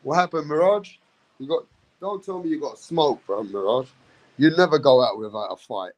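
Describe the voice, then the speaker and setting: A man hosting a casual live-stream chat, teasing and goading a guest with loud rapid taunts. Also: mid-range voice, highs cut off, a little hiss or hum. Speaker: show host.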